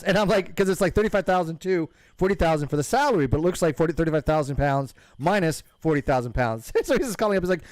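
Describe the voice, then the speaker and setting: A man hosting a casual group chat, animated and quick to laugh, often tripping over his words. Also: on the high side, no echo. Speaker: show host.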